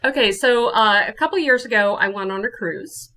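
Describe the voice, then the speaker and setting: A woman from New Orleans, a guest telling her ghost story in casual, animated talk. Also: a little high, moderate pace. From New Orleans, USA. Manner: animated, acts out her own quotes.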